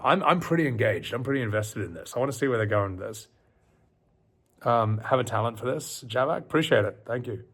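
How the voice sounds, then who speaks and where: A man reading horror stories on a live stream at night, theatrical and dropping into low whispers, chatting with viewers between passages. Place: outdoors on a porch at night.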